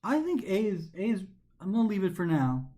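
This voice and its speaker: A male test prep instructor explaining test questions, reading passages aloud and then thinking them through in an animated way. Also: high-pitched, fairly quick.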